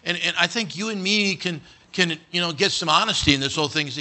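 A man preaching a sermon in a church, animated and dramatic, speaking directly to the congregation. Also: high voice, quick pace.

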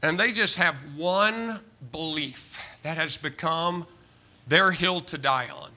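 A man's voice: a little high, takes it slowly, pushed and bright. A man preaching a sermon to a large church, emphatic and joking, firing off rhetorical questions. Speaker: pastor.

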